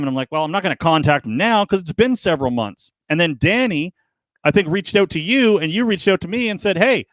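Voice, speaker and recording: A man talks casually on a live stream about a new podcast. He rambles and turns earnest, and gets animated in his stories. The sound is dry and close. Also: on the high side, no room sound. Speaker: podcast co-host guest.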